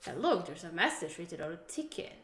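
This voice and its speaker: Woman chatting over a game with low voice. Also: very animated, fast talker, fairly bright tone, a little hiss or hum. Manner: chatty, self-deprecating. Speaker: gameplay commentator. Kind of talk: casual gameplay commentary, reading dialogue aloud. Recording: echoey room with music behind.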